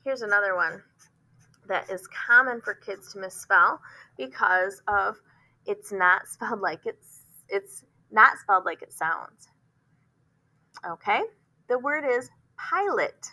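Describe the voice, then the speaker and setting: A woman teacher explaining phonics, often pausing with "um" and sounding words out slowly. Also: mid-range voice, animated, sharp tone, rough recording. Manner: explanatory, frequent "um" fillers, slow demonstrations of words.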